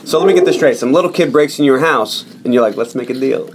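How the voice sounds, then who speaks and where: A man's voice: fairly high pitch, fast, noisy background. A man hosting a podcast, retelling a movie in casual chat and acting out the quotes. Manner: animated storyteller, acts out quotes. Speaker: podcast host.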